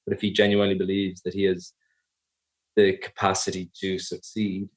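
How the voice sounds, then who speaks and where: The guest is an actor from Ireland, in his twenties, whose low, monotone voice moves at a normal speed. Reflecting on his acting work in an interview, he keeps breaking off and beginning his sentences again.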